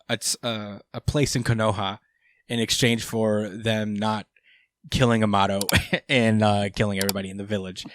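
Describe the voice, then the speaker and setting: A man's voice: fairly low pitch, fairly bright tone, a little hiss or hum. A young man hosting a podcast, recapping a chapter in rambling casual chat with many fillers and casual swearing. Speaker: podcast host.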